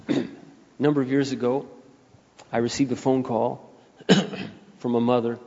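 An older man preaching a sermon as pastor, moving from quiet storytelling into loud, rising appeals. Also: mid-range voice, level tone, unhurried, creaky. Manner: emphatic preacher who swings between soft storytelling and loud rising appeals. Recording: dull sound with long hall reverb.

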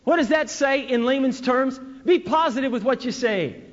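A man preaching a sermon, telling stories in an animated way that swings from loud to hushed. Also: very high voice, normal speed. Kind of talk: sermon on parenting. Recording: dull lo-fi recording with long hall reverb.

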